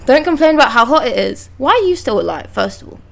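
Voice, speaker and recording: A woman's voice: sits high, big pitch swings, fast talker, vocal fry, a bit bright. A woman on a live stream talks casually into a close desk microphone. She is chatty and blunt, swears freely, and reads panels aloud in between her reactions. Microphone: close desk mic.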